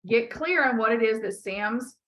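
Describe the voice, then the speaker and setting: A woman's voice: on the high side, moderate pace, fairly bright tone, low-quality recording. A woman coaching a client on a call, talking bluntly, swearing freely and encouraging her. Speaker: life coach.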